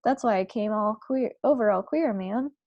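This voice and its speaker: A woman reading aloud, voicing an anxious older maid who speaks softly and deferentially. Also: on the high side, normal speed, no echo, lo-fi sound. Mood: fretful.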